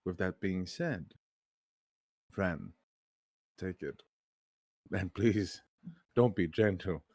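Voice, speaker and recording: A deep-voiced man co-hosts a casual podcast and makes dry jokes. The sound is close and dry, with no room echo. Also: extremely slow, a little mellow. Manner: dry joking. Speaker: podcast co-host.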